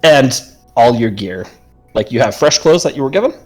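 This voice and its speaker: A man narrating a tabletop game as game master, describing scenes in a relaxed way with frequent ums. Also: medium pitch, normal speed, slightly rough, faint music behind.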